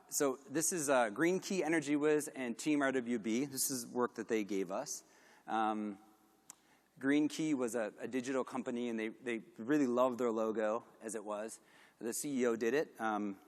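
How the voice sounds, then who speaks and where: A middle-aged man giving a candid conference talk, animated and self-deprecating, with lots of fillers. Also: medium pitch. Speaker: conference speaker. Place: large conference hall. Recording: long hall reverb.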